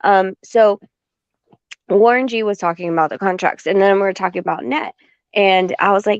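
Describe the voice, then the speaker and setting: Woman, casual podcast chat, animated, swearing, dull dry lo-fi sound. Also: medium pitch, moderate pace, smooth, no room sound. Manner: animated, swearing, acts out quoted exchanges.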